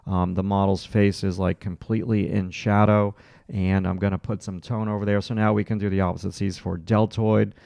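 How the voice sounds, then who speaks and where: A man's voice: sits low, little pitch movement, normal speed, vocal fry, darkish tone, dry recording. A man teaching a livestreamed drawing lesson, talking through each stroke as he sketches and encouraging viewers to keep going. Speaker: art instructor.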